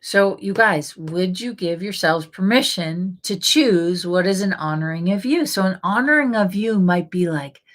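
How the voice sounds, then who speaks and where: A woman coaching an online audience in a relaxed, conversational way. She leans on rhetorical questions and coaxing prompts, her speech loose and filled with casual "like"s. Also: lowish voice, unhurried, few pauses. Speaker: intuitive life coach. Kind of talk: live coaching session answering viewer questions.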